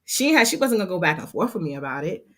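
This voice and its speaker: A woman on a casual livestream talking to her members, chatty and quick to laugh, with plenty of fillers and restarts. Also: on the low side, very animated, sharp tone. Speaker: hair business owner and instructor.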